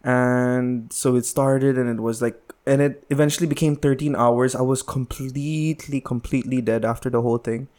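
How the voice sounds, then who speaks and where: A man's voice: mid-range voice, fairly even intonation, moderate pace, few pauses, darkish tone. A young man from the Philippines, casually telling a story on a podcast and filling it with "like". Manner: chatty, lots of "like" and restarts.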